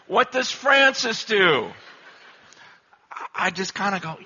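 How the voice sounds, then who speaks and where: Male pastor, humorous sermon storytelling, high bright tone, husky edge, muffled lo-fi recording. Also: takes it slowly, pauses often. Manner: self-deprecating, animated storytelling.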